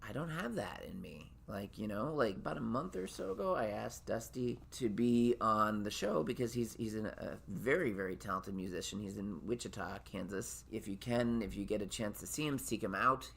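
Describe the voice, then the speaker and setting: Male podcast host, low gravelly voice, loose rambling delivery. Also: expressive, normal speed, few pauses, fairly bright tone. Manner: rambling, with many restarts and fillers. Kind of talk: casual monologue.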